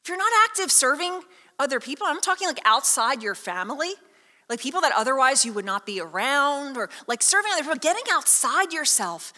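High, bright-voiced woman preaching. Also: big-room sound. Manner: conversational, lively storytelling with many asides. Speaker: pastor. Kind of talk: sermon.

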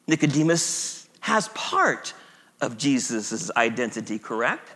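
A man's voice: fairly high pitch, sing-song, a little slow, a bit bright. A man preaching a sermon, emphatic and repeating his key phrases, often chuckling at himself. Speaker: pastor.

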